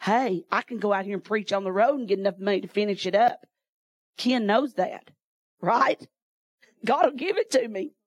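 A woman's voice: mid-range voice, moderate pace, no echo. A woman preacher, telling a folksy testimony in her sermon and laughing often.

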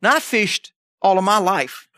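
A man's voice: high-pitched, expressive, a little slow, sharp tone, dry recording. A man preaching a sermon in a conversational way, checking in with the congregation as he goes. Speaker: pastor.

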